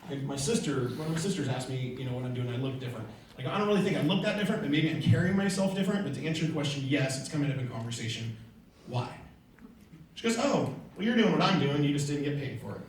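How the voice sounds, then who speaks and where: A man's voice: medium pitch, animated, fast, slight background noise. A middle-aged man giving a motivational speech, telling stories and acting out the conversations in them. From California. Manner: storytelling, acting out quoted conversations. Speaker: motivational speaker. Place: large hall before an audience. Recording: echoey hall, mic from far off.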